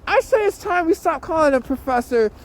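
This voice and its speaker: High-pitched man ranting angrily. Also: lively intonation, fairly quick, low-quality recording. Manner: heated, repetitive, swearing, stammering restarts. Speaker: podcast host. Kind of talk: angry profane rant.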